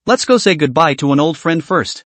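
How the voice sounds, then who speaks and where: A man voicing a calm, teasing male immortal master with a relaxed, easygoing way of talking. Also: fairly high pitch, normal speed, dry recording.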